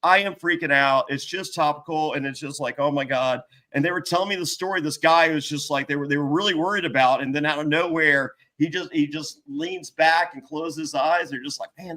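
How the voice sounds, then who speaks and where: A middle-aged man hosting a podcast, telling a story in a rambling, profane, excitable way with many restarts. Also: on the high side, poor audio. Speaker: podcast host. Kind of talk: casual storytelling chat.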